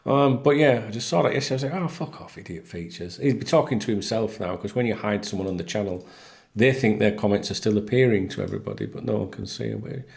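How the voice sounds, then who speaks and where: This football fan vlogger talks fast in a low-ish, creaky voice with a darkish tone. Alone on camera and casual, he comes across blunt and exasperated, swearing freely.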